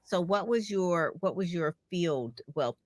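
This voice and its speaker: A woman's voice: lowish voice, expressive, unhurried, darkish tone, no echo. A woman hosting a casual interview, asking questions in a rambling, conversational way as she searches for words. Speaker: interview host.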